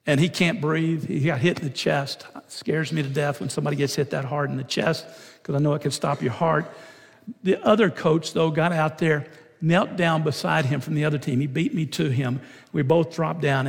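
Gravelly high-voiced older preacher. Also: male voice, normal speed. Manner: earnest storytelling, building to emphatic rises. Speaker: preacher and football coach. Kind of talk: sermon. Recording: long hall reverb.

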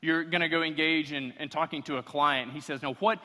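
A man preaching with a bright, sharp voice that sits a little high for a man. He delivers an animated sermon and fires off joking rhetorical questions. His voice carries a long reverb through a church sanctuary. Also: fairly quick. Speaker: pastor. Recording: long reverb of a large hall.

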